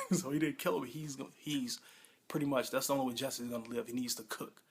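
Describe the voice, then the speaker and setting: A man's voice: medium pitch, steady tone, a little fast, husky. A man casually reviewing a TV episode, recapping it in a rambling, plain-spoken way.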